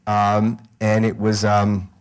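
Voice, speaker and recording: A middle-aged man telling a story to a live audience, halting with fillers and restarts, growing animated. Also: on the low side, smooth.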